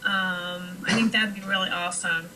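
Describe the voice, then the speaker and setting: A woman's voice: on the low side, fairly even intonation, normal speed, bright, forceful tone, slight background noise, low-quality recording. A woman from Nebraska chatting casually as a guest, with frequent fillers. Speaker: paranormal investigator guest. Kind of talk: casual chat.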